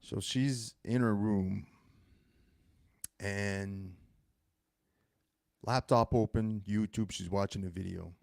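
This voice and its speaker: A man in his thirties hosts a casual monologue, rambling through stories and correcting himself as he talks. His lowish, darkish, gravelly voice stays steady as he takes it slowly with long pauses. The recording has no echo.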